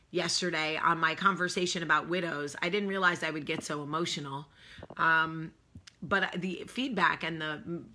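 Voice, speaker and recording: A woman's voice: low-pitched, bright, forceful tone. A woman in her forties from the northeastern United States, hosting a rambling, self-deprecating casual chat. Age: 40s. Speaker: host.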